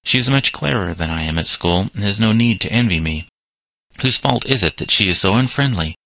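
A proud, slightly sulky schoolgirl from a storybook, voiced by a man. She sounds indignant, in a deep, bright voice. The sound is dry and close. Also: lively intonation, a little fast, no room sound, low-quality recording.

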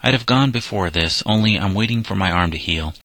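A sullen seventeen-year-old runaway, bitter and resentful in every protest, as a man reads him in a storybook. The voice sits very low, with a bright, forceful edge, and the recording is close and dry. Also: fairly quick, dry recording.

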